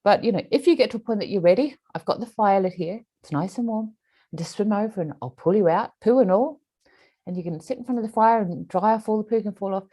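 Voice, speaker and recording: A woman doing a patient, calm healer. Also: medium pitch, fast talker, close to an everyday voice. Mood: gentle.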